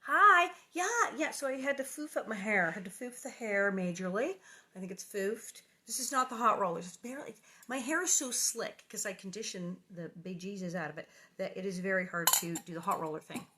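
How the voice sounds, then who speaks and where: A woman's voice: medium pitch, brisk, pushed and bright, slight background noise. Bubbly, chatty woman livestreaming from home. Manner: chatty, bubbly, rambling asides. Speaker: livestream host reading aloud. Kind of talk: casual livestream chat. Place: living room at home.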